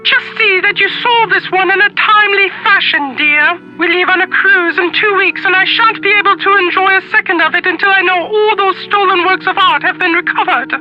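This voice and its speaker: A woman's voice: extremely high pitch, fairly quick, few pauses. An actress voicing a pompous, fussy older society chairwoman in a video game, haughty and theatrical with old-fashioned phrasing. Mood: imperious. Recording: dull lo-fi game audio. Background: faint game music.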